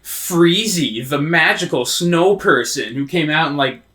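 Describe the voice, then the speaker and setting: A man's voice: a little high, lively intonation, unhurried, sharp tone, roomy sound. A man co-hosting a podcast, chatting casually in a jokey, rambling way and laughing often. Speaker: podcast co-host. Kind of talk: casual comedic chat.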